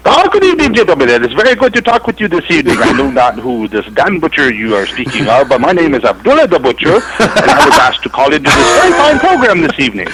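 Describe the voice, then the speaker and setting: A man's voice: fairly high pitch, huge pitch swings, fast, hardly any pauses, a crowd in the background. A man on a phone call putting on a mock-formal, overly polite caller persona.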